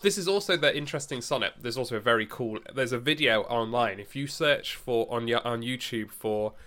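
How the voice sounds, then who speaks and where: A man co-hosting a casual chat, chatty and quick to laugh, with many restarts. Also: mid-range voice, bright, forceful tone.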